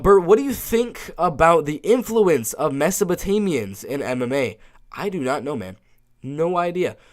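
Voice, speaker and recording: Male MMA streamer, casual chat Q&A, somewhat high, lively voice, offhand. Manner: laid-back, offhand, often ends lines with "man".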